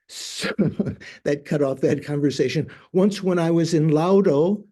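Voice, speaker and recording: An older man, a Buddhist monk teacher, telling stories in a teaching talk, often pausing to search for words. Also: on the high side, mellow. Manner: hesitant, searching for words with many fillers.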